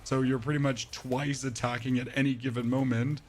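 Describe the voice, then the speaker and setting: A slightly hoarse man giving casual, rambling commentary while streaming a game, joking with his chat. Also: mid-range voice, level tone, brisk, slight background noise. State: a bit hoarse.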